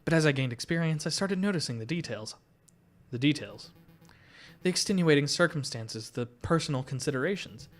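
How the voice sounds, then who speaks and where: A man's voice: fairly high pitch, lively intonation, a little fast, soft background music, natural voice. Man voicing a suave fox investigator. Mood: earnest.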